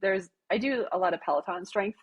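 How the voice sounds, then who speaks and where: A middle-aged woman with a Wisconsin accent, chatting as a podcast guest, pausing often with fillers and restarting her sentences. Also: mid-range voice, breathy edge, lo-fi sound. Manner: many fillers and restarts, thoughtful. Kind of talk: casual interview chat.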